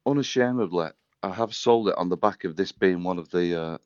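A man's voice: low voice, fairly quick, clean tone, no room sound, highs cut off. A man with a northern English accent, a rugby club general manager, chatting casually and modestly from his office. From England. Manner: laid-back, self-deprecating, says mate. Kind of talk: casual radio chat by phone.

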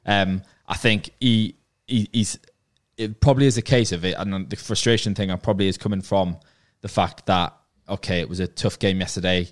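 Guy chatting football on a podcast, real low voice, keeps restarting. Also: steady tone. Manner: halting, many restarts. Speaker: podcast regular. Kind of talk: casual football chat.

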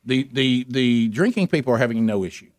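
A man's voice: medium pitch, fairly quick, dry recording, studio quality. An older man chatting as a regular on a talk show, telling a story at length and acting out the people in it. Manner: animated anecdote-telling, acting out quoted people. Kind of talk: casual storytelling chat.

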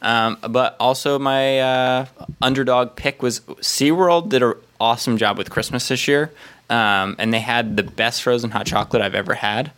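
A man co-host at a middle pitch, sharing picks in a casual chat. He hesitates a lot, with pauses and fillers between phrases. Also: fairly even intonation, fairly bright tone, smooth. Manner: hesitant, many ums and uhs. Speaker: podcast co-host.

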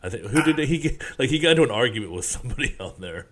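A man's voice: medium pitch, animated, racing, fairly bright tone. A man co-hosting a casual comedy podcast, with a dry, wry way of talking. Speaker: podcast co-host.

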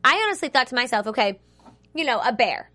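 A woman's voice: a little high, big pitch swings, quick pace, pushed and bright. A woman co-hosting a casual chat about a TV show, earnest and opinionated, thinking aloud with frequent fillers. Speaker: podcast co-host.

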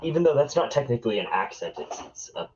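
A man's voice: medium pitch, sing-song, fast talker, darkish tone. A man co-hosting a podcast in casual chat, making dry, blunt remarks. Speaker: podcast co-host. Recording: dull, lo-fi mic.

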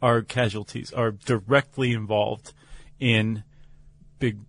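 An American man co-hosting a podcast, chatting in a relaxed, playful way with frequent restarts. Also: on the low side, slow, no echo. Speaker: podcast co-host. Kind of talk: casual chat.

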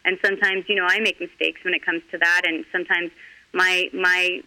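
A middle-aged woman talking candidly in an interview, earnest and halting with frequent restarts. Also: on the low side, flat delivery, pushed and bright, poor audio. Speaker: guest.

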